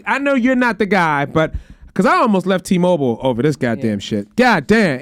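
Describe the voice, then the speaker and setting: A man hosting a podcast, telling stories in a casual, profane and animated way. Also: high voice, moderate pace. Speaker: podcast host. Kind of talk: casual chat.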